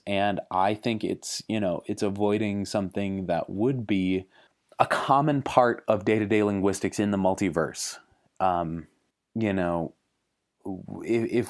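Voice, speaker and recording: A man's voice: on the low side, darkish tone. A man hosting a podcast, talking casually and thoughtfully, with fillers and restarts. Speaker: podcast host.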